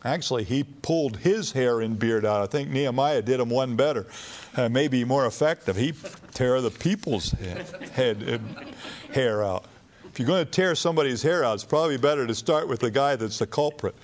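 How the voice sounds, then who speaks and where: A man's voice: mid-range voice, moderate pace. A man preaching a sermon in a conversational teaching manner, reading scripture aloud with rising emphasis.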